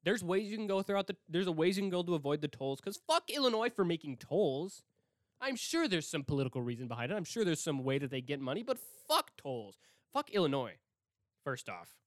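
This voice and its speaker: A young man from Milwaukee rants on his own podcast, cursing freely and swooping wildly up and down in pitch. He lurches between loud outbursts and near-whispered asides. The sound is close and dry, with no room around him. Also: a little fast, no echo. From Milwaukee, Wisconsin. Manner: profane, excitable, swings between shouting and whispering. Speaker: podcast host. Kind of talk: casual solo rant.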